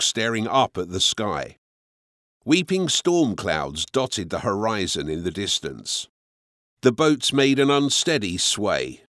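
A man narrating an audiobook in a slow, expressive storytelling way. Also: mid-range voice, no room sound, studio quality.

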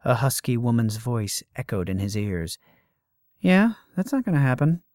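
A man reading a story aloud as narrator in a measured storytelling manner. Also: on the low side, darkish tone, dry recording, clean studio sound. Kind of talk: scripted narration.

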